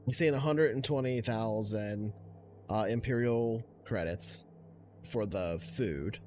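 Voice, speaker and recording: A man's voice: lowish voice, slow pace, darkish tone, a little hiss or hum. A man running a tabletop game as game master, explaining things in a casual way.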